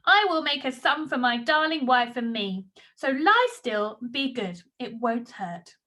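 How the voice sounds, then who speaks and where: A woman voicing a nervous but kind and hopeful old male woodcarver, speaking gently. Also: extremely high pitch, expressive, measured pace, exaggerated voice. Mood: tender. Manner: coaxing and gentle.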